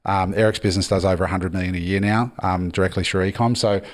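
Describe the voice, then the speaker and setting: A man's voice: low-pitched, steady tone, fast. A man hosting a podcast in a casual interview, easygoing and framing the talk for listeners. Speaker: podcast host.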